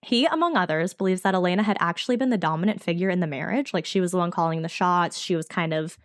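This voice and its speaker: A woman's voice: on the low side, no echo, studio quality. A woman co-hosting a podcast, telling a true-crime case in chatty, casual storytelling. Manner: fast, chatty storytelling from notes. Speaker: podcast co-host.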